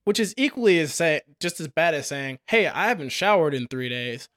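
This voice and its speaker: Male co-host, jokey, slightly raised pitch, dry recording. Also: lively intonation, a little fast, fairly bright tone, no echo. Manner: joking, puts on voices for quotes. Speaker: podcast co-host. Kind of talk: casual podcast discussion.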